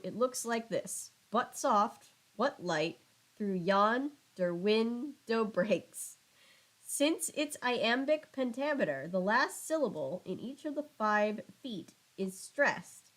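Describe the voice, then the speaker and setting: Woman reading aloud, stumbling and self-mocking. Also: a little high. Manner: stumbles over words and apologizes, laughs at herself. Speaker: streamer reading a children's book aloud. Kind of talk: casual read-aloud with chat asides.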